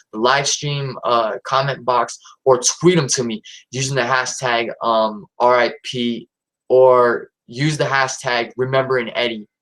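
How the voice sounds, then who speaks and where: A man's voice: mid-range voice, fairly bright tone, poor audio. A man hosting his own live stream, talking casually and hesitantly with lots of fillers and restarts. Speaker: channel host.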